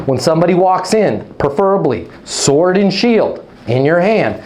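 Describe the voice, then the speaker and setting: A man giving a live online leasing training, energetic and punchy, checking in with "okay? right?" and hyping up his listeners with playful nicknames. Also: on the high side, moderate pace, hardly any pauses, slight background noise.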